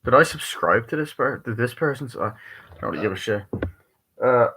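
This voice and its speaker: Male streamer, bright forceful tone, rambling, heavy swearing, casual movie review on a live stream. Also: mid-range voice, lively intonation, slight background noise. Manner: acts out dialogue in quick bursts.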